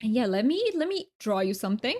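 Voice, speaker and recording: A woman's voice: on the high side, very animated, fast, a little mellow. A woman live streamer chatting casually with viewers while she draws, scattered and self-interrupting, often repeating her words.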